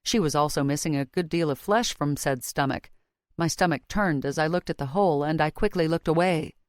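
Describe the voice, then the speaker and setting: A woman narrating a fantasy audiobook in the first person with a steady, measured reading. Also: low-pitched, dry recording, clean studio sound.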